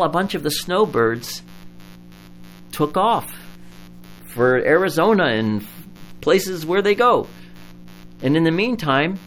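A male pastor delivers a Lutheran sermon in an earnest, storytelling manner, with an ordinary middle pitch. A faint mains hum sits under his voice. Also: low-quality recording. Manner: earnest storytelling, lively when recounting a story.

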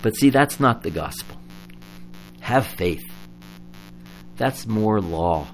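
A man's voice: lowish voice, a little slow, slight background noise, low-quality recording. A man preaching a sermon as a Lutheran pastor, explaining doctrine and telling a story in an earnest way. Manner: earnest storytelling, lively when recounting a story.

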